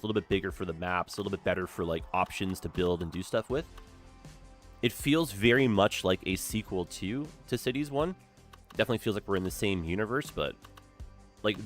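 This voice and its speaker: A young man chatting casually while live-streaming a city-building game, upbeat and full of "like" and "eh?". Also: deep voice.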